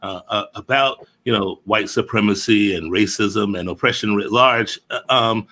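A man speaks as a guest in a casual interview over a video call. His voice sits on the low side, and he often stumbles and repeats words before settling into his point. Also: sharp tone. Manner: halting, repeats words as he starts. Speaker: guest, theatre director.

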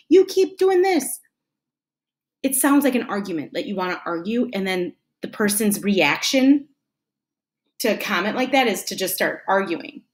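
A woman teaching a lesson to children in a patient, friendly way, acting out the example sentences. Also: medium pitch. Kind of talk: classroom lesson talk.

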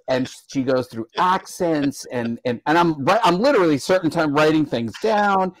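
A man's voice: a little high, animated, moderate pace, few pauses, no echo. A man co-hosting an interview, teasing and prompting the guest in a casual chat. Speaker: podcast co-host.

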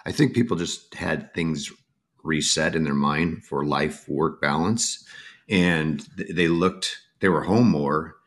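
This man co-hosts a podcast, chatting in a relaxed conversational way about recruiting. His bass voice is a bit bright and a little slow, and he thinks aloud reflectively, often restarting his thoughts mid-sentence.

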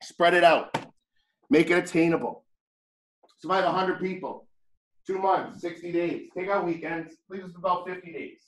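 A man's voice: high voice, normal speed, pauses often, fairly bright tone, slight background noise. Man with a thick Boston accent. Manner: blunt, conversational, jokey. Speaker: real estate trainer. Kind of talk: classroom training talk. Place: training room. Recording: echoey room.

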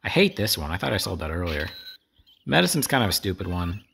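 A man's voice: low voice, sing-song, quick pace, creaky, a bit bright, a little hiss or hum. A man giving casual, rambling commentary while playing a video game, with wry asides to his viewers. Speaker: gameplay streamer. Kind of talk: casual let's play commentary.

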